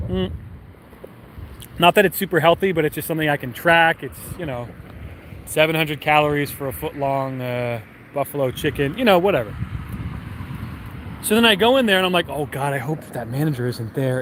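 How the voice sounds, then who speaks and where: Young man, high-pitched voice, wry rambling storyteller, casual stream chat, faint background noise. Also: moderate pace, pauses often, a bit bright. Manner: rambling, filler-heavy, wry.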